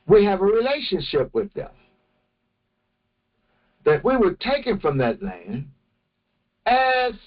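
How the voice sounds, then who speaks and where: A man teaching a morning religious session, speaking slowly and deliberately and often restarting his phrases. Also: high-pitched, highs cut off. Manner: slow, deliberate, with many restarts. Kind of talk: morning lecture.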